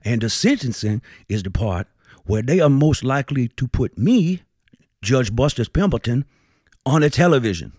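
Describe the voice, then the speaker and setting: A man's voice: mid-range voice, very animated, normal speed, darkish tone, slightly rough, dry recording, clean studio sound. A man voicing a blustering, vain, foul-mouthed male federal judge, pompous and drawling, swinging from bellowing to mutters. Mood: indignant. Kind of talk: comic character monologue.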